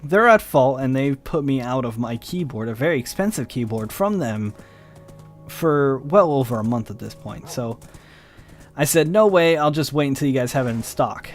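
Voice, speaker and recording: A man's voice: mid-range voice, moderate pace, soft background music. A tired young man telling a rambling story in a casual way while he plays a game, acting out both sides of the conversation. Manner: rambling, animated, mimics the other side of the conversation. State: tired, yawning. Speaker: gaming video host.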